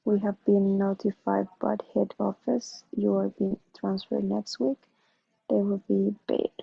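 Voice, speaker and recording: Female student, flat careful reading, slight gravel, dull dry audio. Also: mid-range voice, a little slow, no echo. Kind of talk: reading example sentences aloud.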